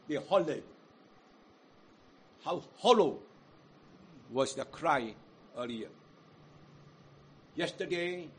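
Male preacher, high husky voice, measured delivery, dramatic quotes. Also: fairly bright tone. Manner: dramatic quoting of crowds, rising and falling emphasis; sings hymn unaccompanied. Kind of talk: sermon.

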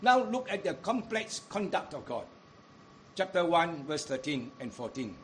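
A man's voice: high-pitched, a bit bright, slight background noise. A man preaching a sermon, emphatic, with his voice rising and falling as he quotes scripture.

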